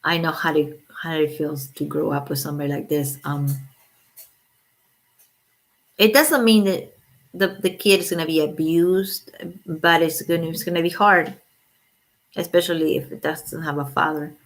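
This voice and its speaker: This livestream host is an adult woman with kids who chats casually, offers blunt opinions, and curses freely. She speaks at a moderate pace in a low-pitched voice with fairly even intonation.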